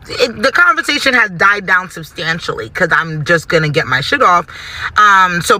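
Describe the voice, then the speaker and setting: A woman's voice: lowish voice, pushed and bright. A young woman telling a dating story vlog-style, outspoken and laughing, swearing freely and getting worked up. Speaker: storyteller vlogger.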